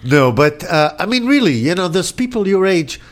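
A middle-aged man hosts a talk show from a studio, his voice sitting a little high for a man. He rambles in a friendly way, full of fillers and restarts. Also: big pitch swings, normal speed. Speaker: radio talk show host. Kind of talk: casual studio chat.

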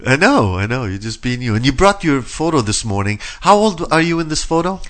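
A man's voice: medium pitch, sing-song, a little fast, fairly bright tone. A middle-aged man hosting a radio talk show, rambling with many verbal fillers. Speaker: radio host. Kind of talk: casual radio chat.

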